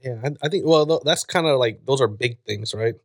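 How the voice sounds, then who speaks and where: A man's voice: mid-range voice, brisk, no echo. Laid-back podcast co-host, male, medium voice, dry close mic, loose and profane. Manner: laid-back, swearing, laughs often. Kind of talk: casual chat.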